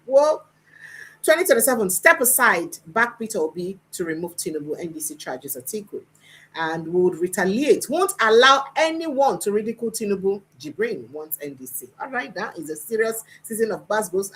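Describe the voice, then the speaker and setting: A woman's voice: fairly low pitch, a little hiss or hum, rough recording. A woman with a Nigerian accent hosting a livestream news review, reading headlines aloud and commenting on them, often switching into Pidgin.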